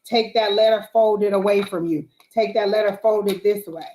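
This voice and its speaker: A woman's voice: mid-range voice, steady tone, normal speed, mellow, slight background noise. A woman giving a live tarot reading, coaching earnestly with repeated affirmations. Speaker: psychic tarot reader. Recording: roomy echo.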